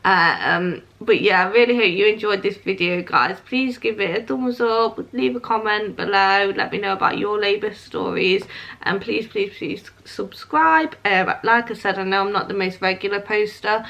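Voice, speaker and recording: A woman's voice: mid-range voice, moderate pace, gravelly, a bit bright, highs cut off. A young woman telling a personal story to camera in a casual, chatty way, with many "um"s and "like"s. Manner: chatty, lots of "um" and "like". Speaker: vlogger.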